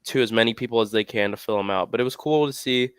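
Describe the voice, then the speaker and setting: A man co-hosting a casual podcast, speaking in a calm, matter-of-fact way. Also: medium pitch, fast, clean tone, no room sound. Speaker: podcast co-host.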